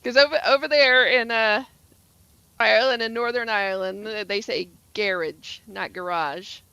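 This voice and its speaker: Bright chatty Southern woman streamer. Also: on the high side, fairly even intonation, normal speed, creaky, smooth, dry recording. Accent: Southern US (Georgia). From Atlanta area, Georgia, US. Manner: rambling, chatty, many fillers and restarts. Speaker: game streamer. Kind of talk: casual stream chat.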